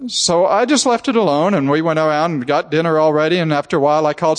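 A man's voice: a little high, fast, hardly any pauses, in a large hall. A man preaching a sermon, telling a heartfelt personal story and often repeating the word "just.".

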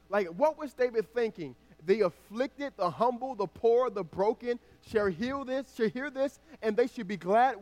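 Speaking at a moderate pace with a fairly high, expressive voice, a man who sounds around thirty preaches. He alternates booming, emphatic stretches with a soft, conversational anecdote from his own life.

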